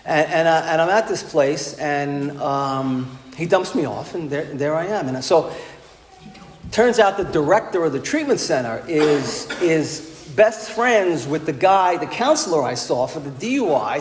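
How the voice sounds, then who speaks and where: A man's voice: fairly high pitch, animated, normal speed, a little hiss or hum. A man giving a wry, self-mocking talk at a recovery meeting, acting out what people said to him. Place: meeting hall. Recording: echoey hall with faint ambience.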